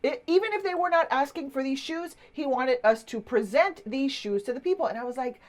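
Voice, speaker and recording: A woman in her fifties, a marketing coach, telling a personal story in a chatty, animated way with many asides. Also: high-pitched, a little fast. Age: 50s.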